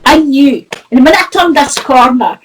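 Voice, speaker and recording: A middle-aged psychic medium from north-east Scotland, speaking with a Doric accent, tells stories in a chatty way, laughing a lot and swearing. Her voice sits high and expressive at a moderate pace. The audio is poor, with a little hiss or hum.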